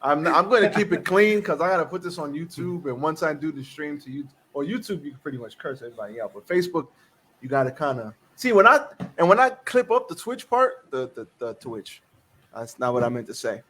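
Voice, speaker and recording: Male podcast host, high-pitched, loud joking banter with chat shout-outs. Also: animated, brisk, slight background noise. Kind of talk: casual live-stream podcast chat.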